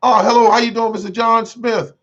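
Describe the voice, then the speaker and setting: A man's voice: very high voice, little pitch movement, a little fast, fairly bright tone, muffled recording, pitched above the performer's own voice. A man imitating a smug male streamer who fawns over the people who send him money. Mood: fawning. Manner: over-sweet and fawning. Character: gushing, smug male streamer thanking donors.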